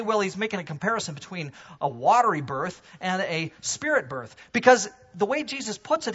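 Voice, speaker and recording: Husky, animated man preaching. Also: dull audio. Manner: animated preaching, swings from loud emphasis to hushed low asides. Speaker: pastor. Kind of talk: sermon. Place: church sanctuary.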